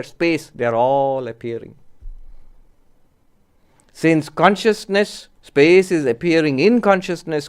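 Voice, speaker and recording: A male monk teaches philosophy in a clear, resonant voice that sits a little above the usual male pitch. He speaks in measured phrases and leans on key words. He often asks his listeners questions to make them think. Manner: measured, emphatic, poses rhetorical questions to listeners. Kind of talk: philosophy lecture.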